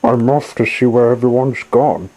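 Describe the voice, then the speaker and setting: A storybook lion in a hurry, voiced by a man reading aloud, brisk and matter-of-fact. The voice rises somewhat above the reader's own and stays a little husky. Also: medium pitch, warm tone, voice pushed up, close to an everyday voice, poor audio. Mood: hurried.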